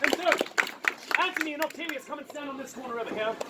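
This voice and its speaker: High-voiced woman performer loudly narrating outdoors. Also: fast talker. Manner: loud, playful, often laughing mid-line. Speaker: street performer leading an audience-participation show. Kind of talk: live comic storytelling. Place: outdoor fairground. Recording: outdoor crowd noise. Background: noisy crowd.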